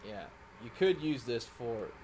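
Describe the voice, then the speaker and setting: A man's voice: mid-range voice, animated, moderate pace, noisy background. A Scottish man casually commenting on a live game stream, rambling and correcting himself as he plays. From Scotland. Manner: rambling, self-correcting, giggly.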